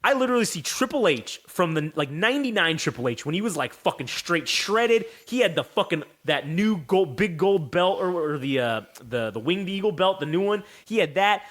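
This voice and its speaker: A man's voice: sits high, sing-song, moderate pace, hardly any pauses, a bit bright. A man telling a rambling, profane story as a podcast co-host. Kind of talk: casual storytelling.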